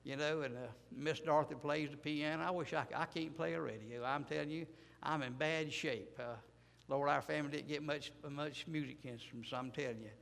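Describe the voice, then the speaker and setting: A man preaches in a church with a gravelly, somewhat high voice. He rambles in a folksy, self-deprecating way and often repeats himself. The sound rings with the long echo of a church hall. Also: fairly even intonation, brisk, a bit bright. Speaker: pastor. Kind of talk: sermon.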